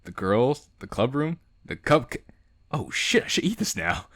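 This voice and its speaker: A young adult man hosting a gaming channel's let's play reads a visual novel aloud, animated and joking, laughing often. His mid-range voice moves at a moderate pace in clean studio sound with no echo.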